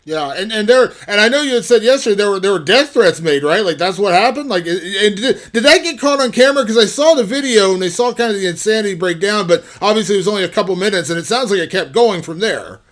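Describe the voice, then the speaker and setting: A man's voice: high-pitched, expressive, fast talker, hardly any pauses, a bit bright. A man interviewing a guest, rambling through questions with many restarts and fillers.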